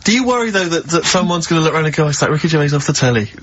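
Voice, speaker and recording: A man's voice: fairly high pitch, animated, very fast, a bit bright, slight background noise. A man co-hosting a radio show, reading out emails and complaining in a dry, matter-of-fact way. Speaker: radio co-host. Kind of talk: casual radio banter. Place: radio studio. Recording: lo-fi radio recording.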